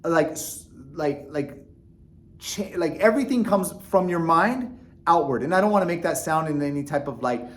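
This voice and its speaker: A man talking earnestly to his viewers in a casual motivational vlog, animated and full of restarts and fillers. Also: on the high side, normal speed. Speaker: vlogger. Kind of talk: casual motivational talk to camera.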